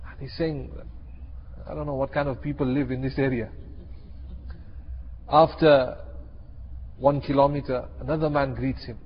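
A man, giving an animated sermon and acting out the people in his story. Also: medium pitch, normal speed, pauses often. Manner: animated, acts out characters in a story. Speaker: Islamic teacher. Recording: dull echoey hall.

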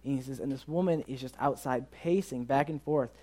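An animated young man tells a story from the pulpit, his voice at a middle pitch that is neither deep nor high. He slips in and out of the people in his story, acting out their lines as he goes, in the manner of a youth ministry preacher. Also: brisk. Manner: animated, acts out quoted dialogue in the story. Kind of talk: sermon storytelling.

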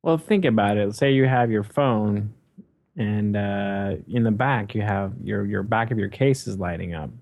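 Male podcast co-host, lower voice, short quick interjections, easygoing chat. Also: creaky, a little mellow, no room sound. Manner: quick interjections, laughs along. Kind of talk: casual chat.

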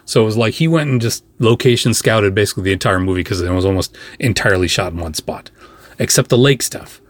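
A man hosting a podcast, telling a behind-the-scenes story in a casual, chatty monologue full of asides and fillers. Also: lowish voice. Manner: chatty, rambling, with frequent fillers and quick asides. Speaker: podcast host.

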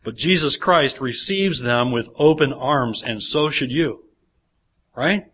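A man's voice: medium pitch, slow, slightly rough. A male pastor preaching a sermon, often putting rhetorical questions to the congregation. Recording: dull lo-fi church sermon recording.

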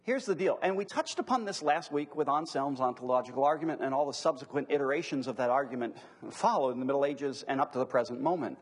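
A man teaching to a live audience in a conversational lecture, repeating key phrases and drawing them out slowly. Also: mid-range voice, slightly rough. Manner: conversational, emphatic repetition, drawn-out key phrases. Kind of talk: classroom lecture on apologetics.

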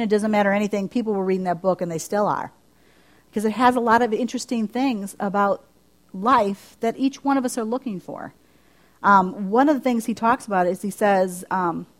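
A middle-aged woman delivers a lively, conversational sermon, asking her listeners question after question. When she acts out her own prayers, her pitch jumps up high.

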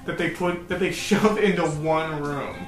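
Joking, cursing young man with a higher voice. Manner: joking, swearing, quick laughs. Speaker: podcast co-host. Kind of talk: casual chat. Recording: echoey room with music behind.

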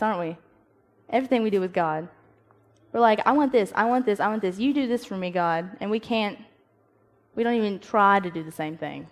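A young woman gives a casual devotional talk to a youth group. She is animated, acts out quoted voices, and laughs at herself. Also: mid-range voice.

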